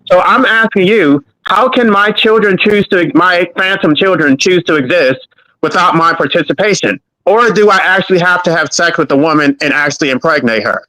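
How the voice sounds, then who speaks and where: A man's voice: high voice, normal speed, bright, forceful tone, dry recording, rough recording. A man on a live panel, pressing his questions in a pointed, questioning way. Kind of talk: casual live panel discussion.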